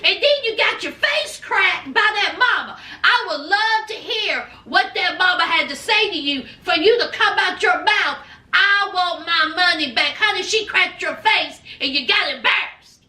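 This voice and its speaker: Woman with a very high, bright voice, sassy recap host, roomy distant sound. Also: lively intonation, normal speed. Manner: sassy, scolding, talks straight to the people she recaps. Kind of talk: casual recap commentary. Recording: echoey room, distant from the mic.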